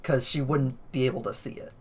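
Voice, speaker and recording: A woman's voice: very deep voice, steady tone, a little fast. A woman running a tabletop game over an online call, thinking aloud and rambling with lots of fillers. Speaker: game master.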